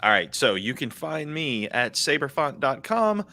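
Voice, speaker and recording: A man with a bright, forceful voice does upbeat co-host patter. He speaks casually and playfully, with a promotional lilt. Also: medium pitch, very animated, unhurried. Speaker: regular co-host. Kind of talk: casual podcast chat.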